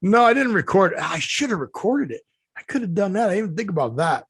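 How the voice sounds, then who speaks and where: A man's voice: sits high, big pitch swings, fast, fairly bright tone, breathy edge, no room sound. A man co-hosting a casual podcast, telling a rambling story full of fillers and restarts. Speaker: podcast co-host. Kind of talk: casual chat.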